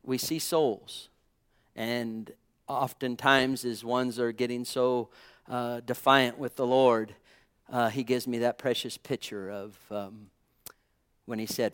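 A man preaching a sermon with fervent calls that drop to quiet, halting reflection. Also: mid-range voice, fairly even intonation, smooth. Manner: fervent, swings between loud exclamations and quiet reflection; halting, with frequent uh and um.

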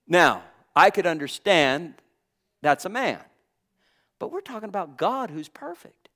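A man delivering a sermon, his fairly high voice swooping up and down with lively inflection. He preaches in an impassioned yet conversational manner, peppering his talk with exclamations of praise. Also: measured pace.

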